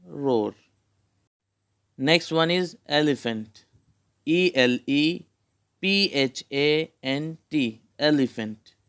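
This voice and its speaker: A man teaching young children, reading words slowly and spelling each one out letter by letter, with an Indian English accent. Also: mid-range voice, a bit bright, smooth.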